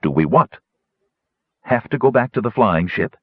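An earnest, cautious young knight speaks firmly in a low, husky voice with a lively lilt, read by a man in an audiobook. The sound is dry and a bit dull. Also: moderate pace, no room sound.

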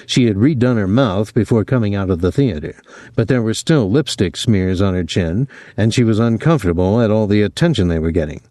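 A man's voice: on the low side, animated, a little fast, dark tone, dry recording, studio quality. A man reading a novel aloud as an audiobook narrator, giving each character a voice.

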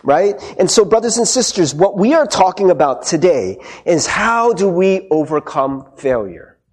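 High, lively husky male pastor. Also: normal speed. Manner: tags many sentences with "right?"; acts out quoted speech in character. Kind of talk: conversational sermon.

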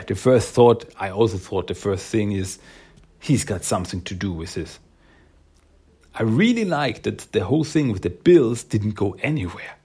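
Gravelly, husky male podcast host. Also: fairly low pitch, warm tone. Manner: rambling, upbeat, many fillers. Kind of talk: casual solo podcast talk.

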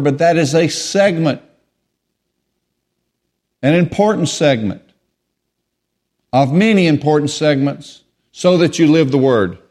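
A man preaching a sermon, emphatic and repetitive, swinging between raised declarations and quiet asides. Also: fairly high pitch.

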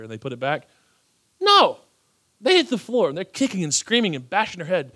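A man preaching a sermon as pastor, animated, acting out the voices he quotes. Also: a little high, fairly quick.

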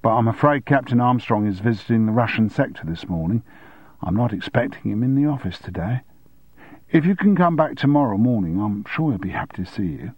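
A man voicing a breezy young female secretary with a Cockney accent, raising his voice higher for her. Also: lively intonation, fairly quick, husky, no echo, highs cut off. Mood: breezy, helpful.

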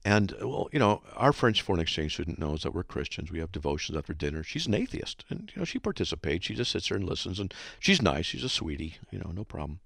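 A man's voice: low-pitched, very animated, fast talker, gravelly, few pauses, a bit bright, no echo, clean studio sound. A man hosting a Christian call-in radio show, telling a story in an earnest, exhorting way.

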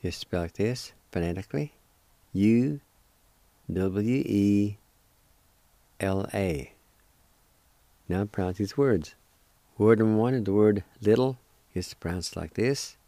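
A man hosting a radio language lesson, speaking slowly and deliberately and breaking words into syllables that he says again and again. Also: lowish voice, mellow, no room sound. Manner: spells out and repeats words syllable by syllable. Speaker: radio host teaching Cherokee words.

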